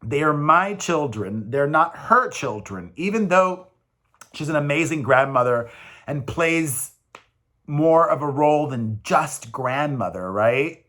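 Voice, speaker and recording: Male vlogger, 40s, slightly high voice, rambling and emphatic, casual confessional delivery. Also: animated, slow, a bit bright. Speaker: vlogger, single father.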